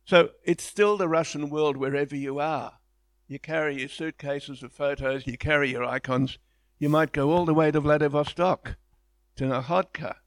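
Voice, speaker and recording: A man's voice: fairly high pitch, fairly even intonation, moderate pace, dry recording. A man giving an illustrated public lecture, speaking enthusiastically in a conversational way with frequent restarts.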